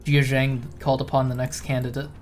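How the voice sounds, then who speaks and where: A streamer reading a game's story text aloud in an even voice, with casual asides between passages. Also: medium pitch, a little fast, soft background music.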